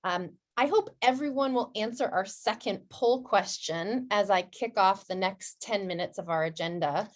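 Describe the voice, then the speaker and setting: A woman hosting a webinar discussion, speaking in a friendly, measured way and slowing down so the audience can keep up. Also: mid-range voice. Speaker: webinar host.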